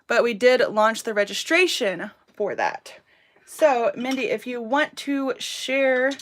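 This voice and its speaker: A woman in her thirties hosting a casual crafting livestream from home, rambling cheerfully and reading out viewers' names and comments as she works. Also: medium pitch. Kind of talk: casual live-stream chat while crafting.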